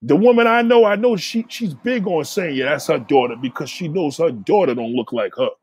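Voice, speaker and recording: Heated, husky-voiced man ranting bluntly. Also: a little high, animated, normal speed, darkish tone. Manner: blunt and heated, swears a lot, repeats words. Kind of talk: casual opinionated rant.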